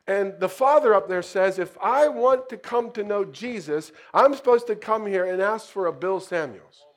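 A man voicing a brash foreign man who calls out loudly from a motorbike. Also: high voice, lively intonation, moderate pace, voice pushed up. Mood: shouting, eager. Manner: calling out loudly.

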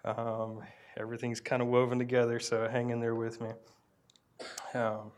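A man preaching a sermon, nervous and emotional, halting with fillers and sliding into a soft, murmured prayer. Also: medium pitch, monotone. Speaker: pastor.

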